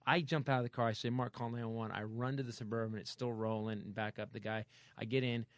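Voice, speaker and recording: A man hosting a comedy podcast, telling a story in a casual, animated way and acting out sound effects. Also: medium pitch, fast, dry recording. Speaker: podcast host.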